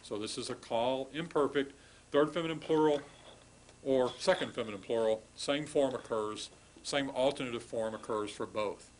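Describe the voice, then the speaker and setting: A man giving a recorded classroom lecture on grammar, explaining patiently, sounding out word forms slowly, and apologizing wryly for irregular forms. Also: medium pitch, a little hiss or hum, poor audio. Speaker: language instructor.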